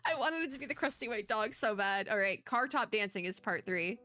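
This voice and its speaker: A young woman VTuber doing let's play commentary, excitable, gushing and giggly, recorded at a home setup on a desk microphone. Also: mid-range voice, fairly quick. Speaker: VTuber gamer.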